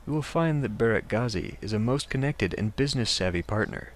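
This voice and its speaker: A man voicing a greedy male fixer who speaks in ornate, flattering phrases. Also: on the low side, brisk, close to an everyday voice.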